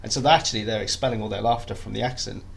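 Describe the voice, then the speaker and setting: Young male guest, low gravelly voice, rambling and self-deprecating. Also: steady tone, rapid-fire. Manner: chatty, self-deprecating, many restarts. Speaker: podcast guest. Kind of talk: casual interview chat.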